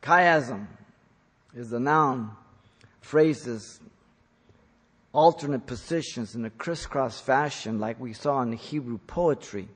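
A male preacher teaching from scripture, swinging between loud, emphatic stresses and low, quiet asides. His voice is slightly husky at a middle pitch. It carries a long hall reverb, as if recorded in a large church. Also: takes it slowly, pauses often.

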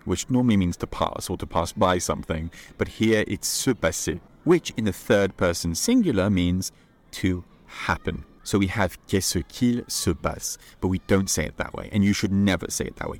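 A man with a very deep voice hosts a podcast lesson. He talks in a relaxed, playful way and slows down to model phrases for listeners to repeat. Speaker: podcast host and French teacher.

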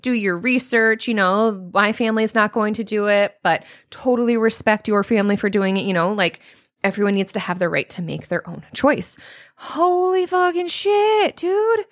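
A woman in her thirties hosting a solo coaching podcast, talking casually and profanely, with high-pitched mock voices when she quotes people. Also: steady tone, a little fast, fairly bright tone, no echo, studio quality.

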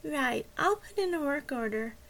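A woman voicing a bored, nasal female dispatcher on the phone, talking slowly and flatly. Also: high voice, gravelly, pitched above the performer's own voice, full character voice. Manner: bored, flat and slow.

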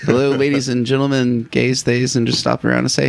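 A man's voice: medium pitch, little pitch movement, a little fast, gravelly. A man co-hosting a tabletop game podcast, rambling and joking. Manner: rambling, jokey. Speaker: player and co-host. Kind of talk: casual podcast banter.

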